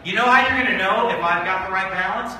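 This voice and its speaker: A man's voice: high-pitched, quick pace, pushed and bright, recorded from a distance. Fiery preacher man in an echoey hall. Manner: fiery, repetitive rhetorical questions; mocking, sarcastic asides. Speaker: pastor. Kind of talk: sermon. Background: congregation calling out amens.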